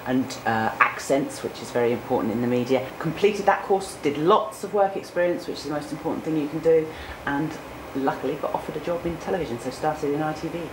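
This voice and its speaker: The clip features a low-pitched woman talking fairly quickly. In her forties and from Cornwall, she presents the news and here answers interview questions openly and chattily with fillers, in an echoey space with noticeable background noise.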